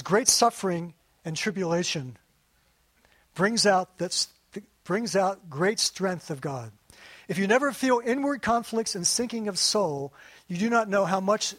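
High-voiced preaching man, chatty. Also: lively intonation, a little slow. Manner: conversational preaching, drops to soft emphasis on key lines. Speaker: pastor. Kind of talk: sermon.

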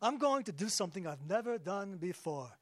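Guy doing old yiddish-accent God in a sermon joke, chatty and wry, high pitched. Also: sing-song, brisk, no echo. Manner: chatty, fussy, kindly. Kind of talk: comic joke-telling in a sermon.

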